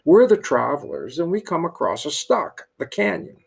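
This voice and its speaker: A man's voice: fairly high pitch, very animated, moderate pace, vocal fry, husky. A middle-aged man, a priest, telling a parable and drawing a lesson from it, with many restarts and repeated words. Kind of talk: storytelling with a sermon-like lesson.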